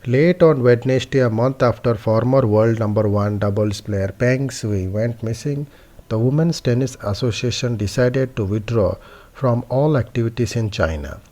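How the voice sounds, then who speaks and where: A man reads a news explainer in a steady, measured way, now and then slipping and correcting himself. His voice sits at a middle pitch with a mellow, soft-edged tone. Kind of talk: scripted news narration.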